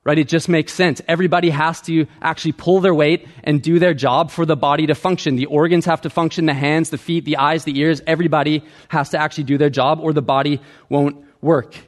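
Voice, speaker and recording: A man's voice: fairly high pitch, steady tone, a little fast, few pauses. A man preaching a sermon as pastor, teaching earnestly and checking in with the congregation.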